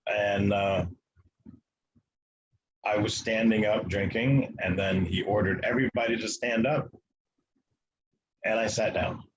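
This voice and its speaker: A man from the United States, a guest telling a long story in an interview, matter-of-fact and halting with fillers. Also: lowish voice, fairly even intonation, lo-fi sound, background noise.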